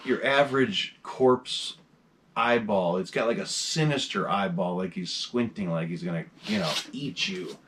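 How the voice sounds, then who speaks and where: A man's voice: mid-range voice, fairly bright tone, slight background noise. A man hosting a horror mask collection vlog, chatting casually from a desk in his home mask room, enthusiastic and rambling with lots of fillers.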